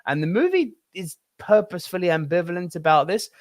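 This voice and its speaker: A man's voice: high voice, big pitch swings, fairly quick, no room sound, studio quality. A man in his thirties co-hosting a podcast, talking about films in an emphatic, swearing, ranting way. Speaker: podcast co-host. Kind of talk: casual film discussion.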